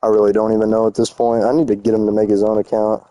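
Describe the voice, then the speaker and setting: A young man rambling through a casual live stream, teasing his chat with a slangy "bro" here and "dude" there. His voice is mellow and warm. The sound is dry and close, with no room around it. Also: on the low side, completely flat delivery, rapid-fire, no echo.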